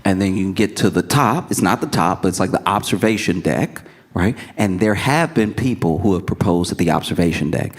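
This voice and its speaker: A male stand-up comedian telling a story in an animated way, laughing as he acts out scenes. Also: deep voice, a little fast, hardly any pauses.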